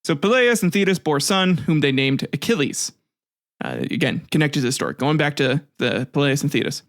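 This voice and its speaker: A man's voice: a little high, creaky, no echo, clean studio sound. A man hosting a casual history podcast, retelling myths with swearing, laughter and jokey asides, often restarting his sentences. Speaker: podcast host.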